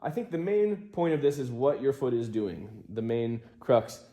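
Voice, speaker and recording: A man's voice: medium pitch, normal speed. A man giving a casual drum lesson, counting beats aloud as he explains. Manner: relaxed, counts beats aloud while playing. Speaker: drum teacher. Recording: roomy studio with loud drums.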